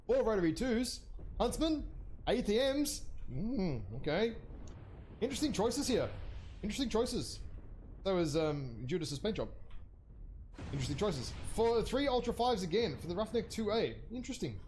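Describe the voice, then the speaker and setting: A young man casting an online game league match live, chatty and rambling as he thinks aloud, his voice jumping higher when something surprises him. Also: sing-song, moderate pace, long pauses, darkish tone, slight background noise. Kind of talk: live esports commentary.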